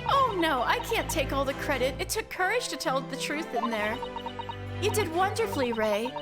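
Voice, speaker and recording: A woman voicing a courteous, modest young female assistant in a video game, gentle and formal, with game music behind. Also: sits high, sing-song, normal speed.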